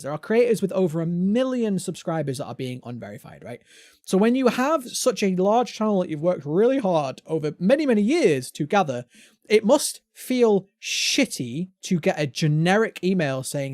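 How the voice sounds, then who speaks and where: A British man hosting a gaming podcast, talking casually and ranting with animated emphasis. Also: high voice, brisk, no echo, clean studio sound. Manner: animated ranting, mimics voices. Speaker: podcast host.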